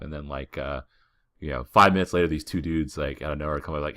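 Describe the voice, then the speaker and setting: A young man with a strikingly deep, low voice tells a travel story in a loose, laid-back way, full of fillers and restarts. The sound is close and dry, with no room behind him. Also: fairly even intonation, fast talker, pushed and bright, no echo. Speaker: podcast host.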